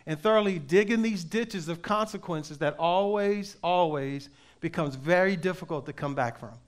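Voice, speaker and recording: A man preaching a sermon as pastor, with emphatic delivery that swings between loud and soft and slow readings of scripture. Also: high voice. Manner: reads scripture aloud slowly.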